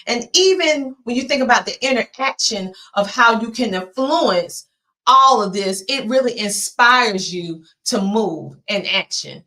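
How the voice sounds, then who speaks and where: A woman with a Southern twang giving an earnest, emphatic motivational presentation with dramatic pauses. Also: fairly high pitch, lively intonation, pushed and bright. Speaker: motivational speaker.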